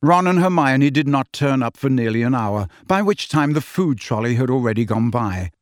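A man narrates an audiobook, expressive and measured as he tells the story. His voice is mid-range, recorded at studio quality with no room sound.

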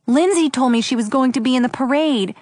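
A woman's voice: high-pitched, brisk, darkish tone, no room sound, studio quality, pitched above the performer's own voice. A worried little boy, as a woman reads him. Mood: anxious. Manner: quivering, small voice. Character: eight-year-old boy, worried and miserable.

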